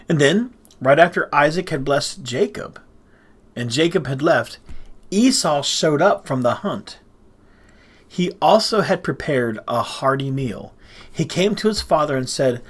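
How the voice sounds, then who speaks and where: Slow, expressive male storyteller. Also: a little high, husky. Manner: expressive, deliberate reading aloud. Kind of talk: children's Bible story reading.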